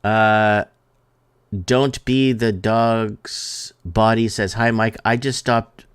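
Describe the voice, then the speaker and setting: A man's voice: on the low side, steady tone, extremely slow, clear, resonant tone. A man hosting a live-stream talk show. He rambles, reads out viewer comments and hammers his points home by repeating them. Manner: repetitive and emphatic, drives points home by restating them.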